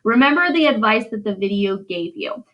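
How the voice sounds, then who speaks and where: A woman's voice: mid-range voice, expressive, brisk, highs cut off. A woman teacher giving a recorded English lesson, drawing out syllables and checking in with "right?". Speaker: high school English teacher.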